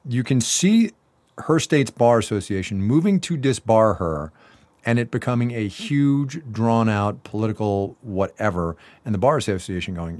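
A man's voice: fairly low pitch, lively intonation, moderate pace, a little mellow, no room sound. A man co-hosting a casual news chat show, wry and sarcastic, often repeating himself for effect. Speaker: co-host.

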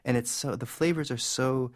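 A man's voice: medium pitch, fairly even intonation, moderate pace. A man, a food editor, explaining a recipe in an enthusiastic, chatty way during a radio interview.

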